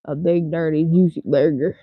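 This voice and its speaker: A woman's voice: sits low, steady tone, normal speed, breathy edge, no echo. Blunt, foul-mouthed woman on a tinny stream. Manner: blunt and heavily profane. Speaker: livestreamer. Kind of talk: casual livestream chat with viewers. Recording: tinny phone-like dry sound.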